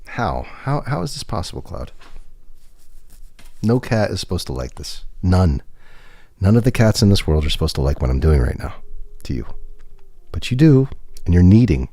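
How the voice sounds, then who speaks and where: Talking into a desk mic at his home setup, a man livestreams while bantering affectionately with his cat and teasing it. His low, mellow voice is very animated at a normal speed, with long pauses and no room sound.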